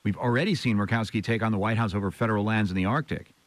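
A man hosting a radio news program, asking brisk interview questions. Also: fairly low pitch.

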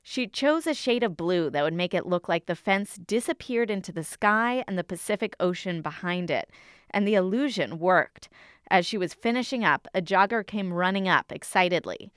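A female radio reporter narrating a scripted news story with a steady, clear delivery. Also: lowish voice, moderate pace, no echo, clean studio sound.

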